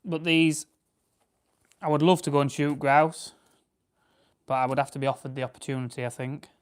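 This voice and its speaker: Chatty Yorkshire man, smooth clear voice. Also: on the high side, fairly even intonation, normal speed. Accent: Barnsley Yorkshire. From Barnsley, England. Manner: chatty, rambling, self-correcting, answers chat comments. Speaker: farming channel host. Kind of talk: casual livestream chat while plucking game.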